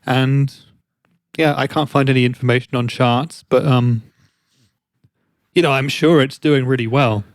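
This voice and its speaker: A man's voice: mid-range voice, fairly even intonation, a little slow, pauses often, dry recording, clean studio sound. A man co-hosting a podcast, chatty and rambling through explanations in casual chat. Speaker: podcast co-host.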